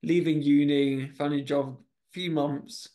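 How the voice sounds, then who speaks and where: A man's voice: fairly high pitch, little pitch movement, a little slow, warm tone. A man hosting a podcast in casual chat, rambling with many restarts and fillers. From United Kingdom. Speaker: podcast host.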